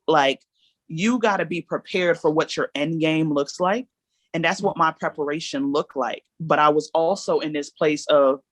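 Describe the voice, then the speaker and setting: A woman's voice: sits low, dry recording. Earnest woman guest, dry close sound. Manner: earnest, speaks in long run-on reflections. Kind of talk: candid personal storytelling.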